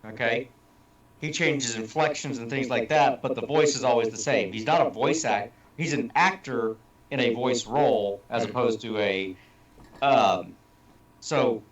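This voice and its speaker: A man's voice: medium pitch, measured pace, distant mic. Rambling man explaining in an echoey room. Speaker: panel guest. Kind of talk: casual panel discussion.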